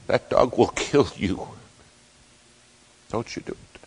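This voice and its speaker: A man's voice: mid-range voice, a little slow, voice pushed up. A man playing a worn-out, pleading veteran sled-dog musher as he retells a story, his voice raised above his own in urgency. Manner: urgent, begging.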